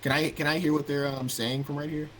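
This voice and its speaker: A man's voice: on the high side, flat delivery, quick pace, a bit bright, slight background noise, poor audio. A man playing a tabletop game over voice chat, asking hesitant questions with restarts. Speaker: player.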